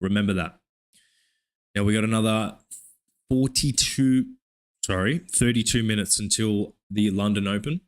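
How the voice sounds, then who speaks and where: A young man from Australia with an Australian accent, streaming live trading commentary in a profane, hyped play-by-play with excited oohs. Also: fairly low pitch, moderate pace, long pauses. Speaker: live-streaming futures trader.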